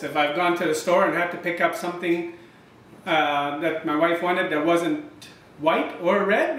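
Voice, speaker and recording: A middle-aged man reviews wine at home in a casual way, drifting off into anecdotes while his wife films him. His high-pitched, fairly bright voice is picked up from a distance by the camera mic, off-mic in a very echoey room.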